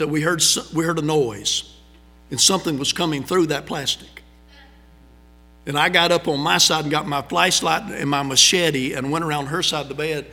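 A middle-aged man, preaching a folksy storytelling sermon in a church sanctuary. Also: a little high. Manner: folksy, conversational, animated storytelling. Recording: long hall reverb.

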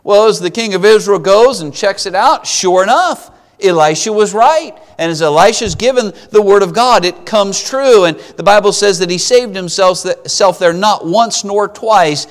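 A man preaching a sermon, retelling a Bible story with lively acted-out voices. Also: high voice, normal speed, in a large hall. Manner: animated storytelling, acting out voices of biblical figures.

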